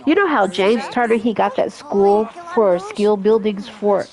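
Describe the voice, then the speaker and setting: A woman's voice: medium pitch, measured pace, darkish tone. A woman giving casual, rambling commentary as she plays a life simulation game, with frequent restarts and asides to her viewers. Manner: chatty, rambling with restarts and self-corrections. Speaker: gaming vlogger.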